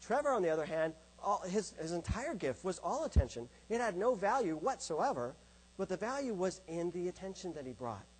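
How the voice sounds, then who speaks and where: Husky high-voiced man speaking to an audience. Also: sing-song, fairly quick, low-quality recording. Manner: asks and answers rhetorical questions. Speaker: speaker on love and faith. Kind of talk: presentation to an audience.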